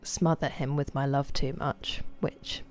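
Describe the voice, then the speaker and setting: Mellow-voiced woman streamer chatting casually. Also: extremely low pitch, level tone, measured pace. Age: 30s. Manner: chatty and rambling, talks to her dog. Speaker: game streamer. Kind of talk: casual live-stream chat.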